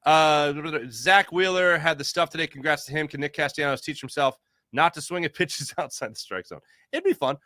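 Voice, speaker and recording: A man's voice: a little high, a little fast, no echo, studio quality. A man hosting a casual sports podcast livestream and reading out the chat with jokey, rambling energy. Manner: animated, jokey, rambling with restarts.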